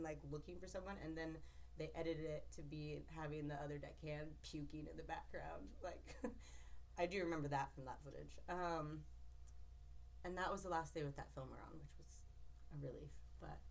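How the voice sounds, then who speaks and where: Guest: a young woman boat captain with a low voice, casual and animated, lots of "like". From Alaska. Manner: animated, laughing, lots of "like" and quoted speech. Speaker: commercial fishing captain, podcast guest. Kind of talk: casual storytelling.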